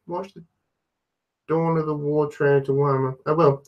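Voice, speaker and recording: A man's voice: a little high, fairly even intonation, normal speed, pauses often, darkish tone. A man with a London accent chatting casually on a live stream, answering viewers and rambling, with lots of restarts and self-deprecating asides. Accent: London English. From London, England. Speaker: livestreamer answering chat.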